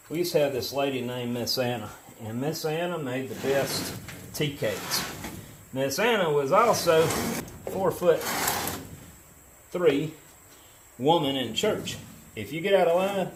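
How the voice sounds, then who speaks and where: A man's voice: medium pitch, slight background noise, rough recording. A middle-aged man in a workshop, talking casually as he explains his work and drifts into storytelling. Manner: easygoing, chatty, explains as he works. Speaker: metal casting hobbyist host. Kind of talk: casual how-to narration with storytelling. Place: foundry workshop.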